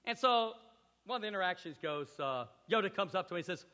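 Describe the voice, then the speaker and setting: A male pastor preaching a sermon with animated storytelling, acting out scenes, in a church hall. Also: on the high side, fairly quick. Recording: echoey hall reverb.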